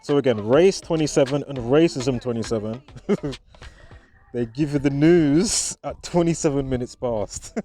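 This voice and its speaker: A man's voice: medium pitch, a little slow, dark tone. A man vlogging outdoors in a park, in casual commentary to viewers, chuckling often and chatty, with frequent restarts.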